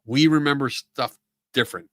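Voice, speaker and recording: A man's voice: mid-range voice, normal speed, bright, forceful tone, dry recording. A middle-aged man with a Philadelphia accent, hosting a casual livestream chat in a loose, rambling way full of fillers and restarts. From Philadelphia area. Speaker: podcast host.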